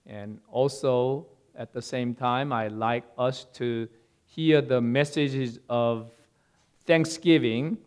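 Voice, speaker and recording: Slow, halting male pastor. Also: medium pitch, darkish tone, clean tone. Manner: slow, halting delivery with many fillers. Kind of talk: sermon.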